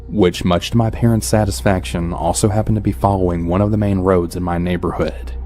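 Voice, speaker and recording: A man narrating a true horror story in the first person, calm and even. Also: sits low, a little hiss or hum. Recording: soft background music.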